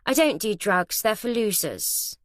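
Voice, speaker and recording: A prim, eager teenage girl from a privileged family, as a woman narrator voices her. Her lines sit higher and a bit louder than the narration, close and dry. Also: expressive, measured pace, no room sound, natural voice. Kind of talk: audiobook character voice.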